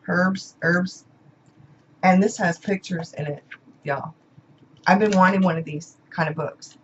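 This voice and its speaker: A woman's voice: lowish voice, a little slow, long pauses, dull audio, a little hiss or hum. A woman chatting casually in a home vlog, emotional and gushing, repeating her words. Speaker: vlogger. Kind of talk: casual unboxing chat. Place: home room.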